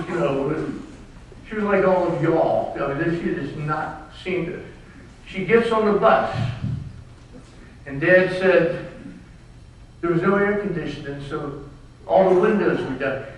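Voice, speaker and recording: A man, an author at a book launch, telling wry and animated family stories to a live audience in a large hall. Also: high-pitched. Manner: wry, animated, drops into dry asides. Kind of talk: humorous storytelling to a live audience. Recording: echoey hall, distant mic, faint noise.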